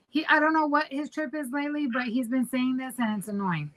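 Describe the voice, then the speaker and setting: A woman's voice: sits high, brisk, fairly bright tone, rough recording. Woman, podcast co-host, casual and rambling, teasing. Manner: rambling, teasing, goes back and forth. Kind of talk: casual chat.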